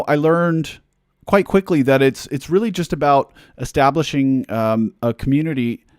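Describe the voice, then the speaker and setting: A man's voice: mid-range voice, a little mellow, no echo, studio quality. Rambling man chatting on a livestream. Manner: rambling, filler-heavy, self-deprecating humor. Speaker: musician answering fan questions. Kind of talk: casual livestream chat.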